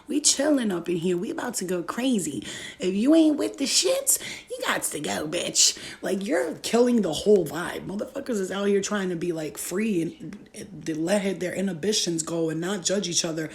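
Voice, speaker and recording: A woman's voice: lowish voice, lively intonation, moderate pace, a little mellow. A young woman vlogger telling a story in a blunt, profane way and laughing often. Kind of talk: storytime vlog.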